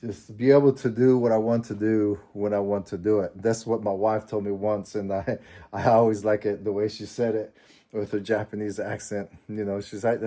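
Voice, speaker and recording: A man's voice: lowish voice, little pitch movement, moderate pace, warm tone. A man in his fifties from Mexico, chatting casually in a personal vlog, rambling and chuckling at himself. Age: 50s. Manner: rambling, chuckling, self-deprecating. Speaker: vlogger.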